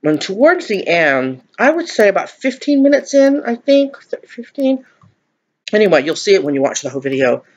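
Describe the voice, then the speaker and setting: A man's voice: sits high, very animated, moderate pace, dull audio. A middle-aged man in a chatty eating vlog, rambling and laughing as he talks to viewers. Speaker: vlogger. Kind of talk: mukbang chat, eating on camera.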